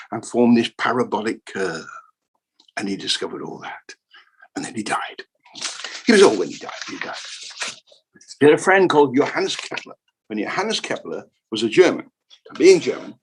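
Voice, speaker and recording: A man giving a humorous keynote lecture on the history of maths, jokey and animated, repeating words for emphasis. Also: medium pitch, breathy edge, low-quality recording. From United Kingdom. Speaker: keynote speaker.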